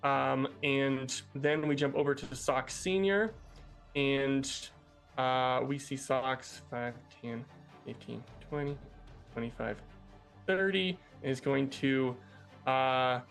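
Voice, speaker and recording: Slow-talking game master, a man. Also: medium pitch, gravelly, soft background music. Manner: relaxed, filler-heavy storytelling. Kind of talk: narrating a tabletop game.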